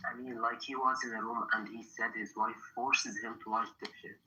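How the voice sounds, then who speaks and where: A man's voice: medium pitch, level tone, brisk, bright, forceful tone, a little hiss or hum. A man in a live audio room who keeps interrupting with repeated, pointed questions. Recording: dull, lo-fi audio.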